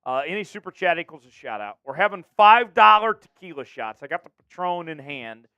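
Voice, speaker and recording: A man's voice: fairly high pitch, very animated, a little fast, smooth, highs cut off. A man hosting a casual sports talk livestream, upbeat, reading out viewer messages and chatting with his co-host. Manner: upbeat, reads viewer messages and shouts chants. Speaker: show host.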